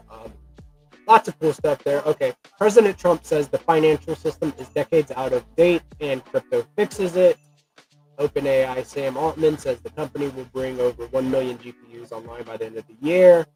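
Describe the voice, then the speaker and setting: A man's voice: medium pitch, dark tone, poor audio. A man hosting a crypto news show, reading headlines and then chatting loosely with his guests, swearing and laughing easily. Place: hot room with an air conditioner running nearby.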